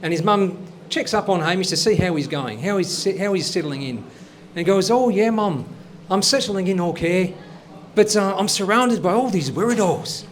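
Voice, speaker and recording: A man hosting a comedy show and telling jokes in an upbeat, lively way. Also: high voice, moderate pace. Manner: upbeat, lively joke delivery. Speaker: show host.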